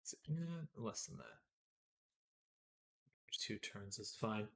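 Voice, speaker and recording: A man's voice: lowish voice, little pitch movement, takes it slowly, vocal fry, sharp tone. A man chatting casually on a live stream while he draws, rambling with many fillers and answering viewers' comments.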